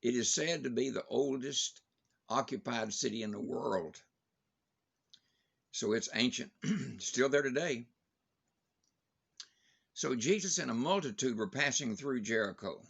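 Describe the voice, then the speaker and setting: A man's voice: mid-range voice, a little slow, creaky, pauses often, a bit bright, husky. An older man giving a daily Bible devotion in a plain, conversational way, with fillers and restarts.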